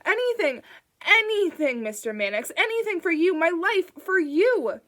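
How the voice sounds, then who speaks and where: A woman's voice: sing-song, moderate pace, a bit bright, exaggerated voice. A woman voicing a desperate, childlike grown man who begs and screams. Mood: desperate pleading. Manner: shrill, begging, screaming.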